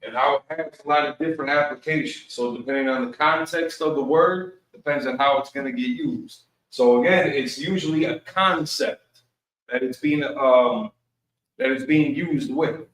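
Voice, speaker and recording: Relaxed man teaching, echoey and distant. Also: medium pitch, moderate pace. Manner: casual, relaxed teaching with slang. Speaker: Bible Hebrew teacher. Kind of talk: online Bible study class. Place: Milwaukee, Wisconsin. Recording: echoey room, voice from far off the mic.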